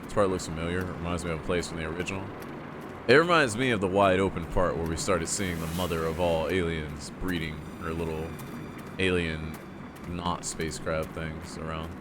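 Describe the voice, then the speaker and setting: A man casually commenting while he plays a video game and chats with his viewers, a bit stuffy-nosed, with sudden loud excited outbursts. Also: low-pitched, normal speed, background noise. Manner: chatty, talks to chat, loud excited outbursts. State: stuffy nose. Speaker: game streamer. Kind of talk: casual let's-play commentary.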